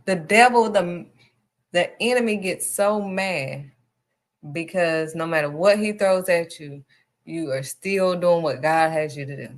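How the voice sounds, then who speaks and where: A woman's voice: fairly low pitch, unhurried. A woman hosting a live stream, giving a faith encouragement talk and stressing her points by repeating them. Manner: emphatic, repeats key phrases. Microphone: streaming setup.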